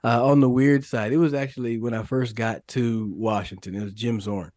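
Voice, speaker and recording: A man, a former pro football receiver, tells stories on a podcast with lots of laughter and sudden jumps in pitch. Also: normal speed, slight background noise. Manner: animated storyteller, laughs often, sudden rises in pitch. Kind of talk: casual podcast chat and storytelling.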